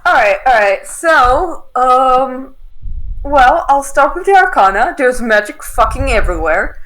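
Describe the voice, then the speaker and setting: Slow, giggly woman running a game. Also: high-pitched, sing-song, a bit bright, poor audio. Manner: giggly, rambling. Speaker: dungeon master.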